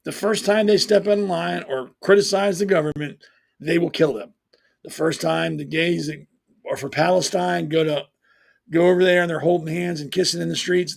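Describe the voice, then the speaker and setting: A man's voice: fairly high pitch, gravelly. A man hosting a talk show, delivering a blunt, profane, sarcastic opinion monologue. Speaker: host.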